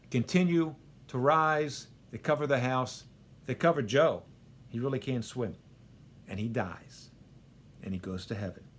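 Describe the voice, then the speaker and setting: A man hosting a show, telling a parable joke in a dramatic, drawn-out way. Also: mid-range voice, fairly bright tone. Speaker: host.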